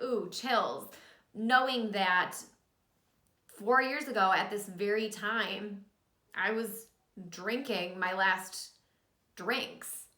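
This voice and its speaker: A woman's voice: medium pitch, bright, forceful tone. Earnest young woman in an echoey room. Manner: earnest, emotional, fighting back tears; casual, many likes and you guys. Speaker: vlogger and author. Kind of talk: personal confessional vlog. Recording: roomy echo.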